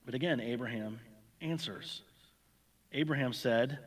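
A man delivers an earnest, emphatic sermon, repeating words and weaving in an illustrative story. His medium-pitched voice is animated and fairly bright at a normal speed, with long hall reverb on the recording.

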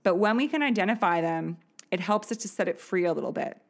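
A woman's voice: mid-range voice, animated, fast. A woman in her thirties hosting a podcast, telling a personal story in a candid, chatty way, laughing now and then. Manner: chatty, candid, often laughing, many fillers. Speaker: podcast host.

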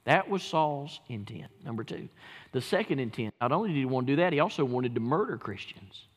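A man preaching a sermon, impassioned and shouting at his peaks. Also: medium pitch, expressive, a little fast, in a large hall. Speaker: pastor. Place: church sanctuary.

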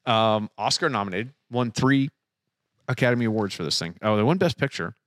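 A man who is a parent, co-hosting a casual movie chat podcast, animated as he reads out release years. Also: fairly low pitch, fairly quick, no echo, clean studio sound. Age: adult parent. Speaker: podcast co-host.

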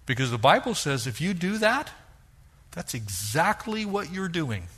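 A middle-aged male pastor preaching a sermon, animated, acting out the voices he quotes. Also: fairly high pitch, a little slow, breathy edge.

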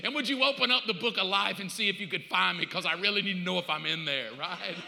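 A middle-aged male pastor preaching a sermon in a casual, animated storytelling way. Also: high voice, fast, vocal fry. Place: church sanctuary. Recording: reverberant church hall.

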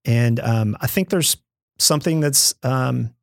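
A man on a podcast calmly explaining leadership steps in a conversational way. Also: mid-range voice, vocal fry, dry recording, clean studio sound. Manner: measured, explains step by step with acted-out quotes.

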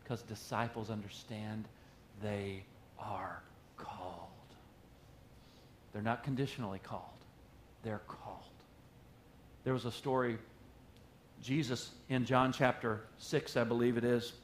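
A man's voice: fairly low pitch, fairly even intonation, measured pace, long pauses, a little hiss or hum. A male pastor preaching a sermon in a conversational, joking way. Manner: conversational and joking, acting out quotes.

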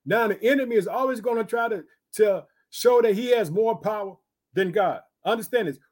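Male preacher, high-pitched voice, exhorting Bible sermon, rhetorical questions, emphatic interjections. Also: moderate pace, darkish tone. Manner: punctuates with interjections.

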